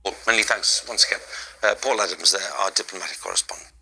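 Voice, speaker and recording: A man's voice: lowish voice, quick pace, sharp tone, low-quality recording. A male news anchor presenting formally, handing over to correspondents. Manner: formal, smooth hand-offs.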